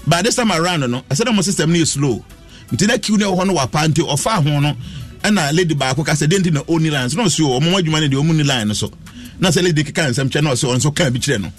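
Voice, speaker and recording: A man's voice: on the high side, expressive, fast talker, soft background music. A man with a Ghanaian accent telling stories on a radio talk show, mixing Twi and English animatedly. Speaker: astrologer guest.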